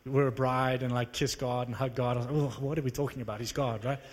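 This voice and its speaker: Animated male preacher in a reverberant hall. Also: medium pitch, quick pace. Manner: animated, conversational, self-mocking. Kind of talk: sermon storytelling. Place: large hall with live audience. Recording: long reverb of a large hall.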